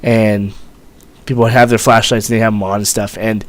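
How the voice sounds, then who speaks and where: A man's voice: fairly low pitch, little pitch movement, moderate pace. A young man, a former Marine, telling a story in a rambling, profane way, full of fillers. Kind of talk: casual storytelling vlog.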